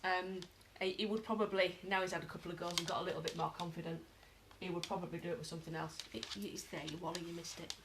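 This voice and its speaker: A British woman giving a casual live dog-training lesson at home, chatting to viewers and breaking into high-pitched praise for her dog. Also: steady tone, quick pace, hardly any pauses, noisy background. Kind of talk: live-streamed training demo.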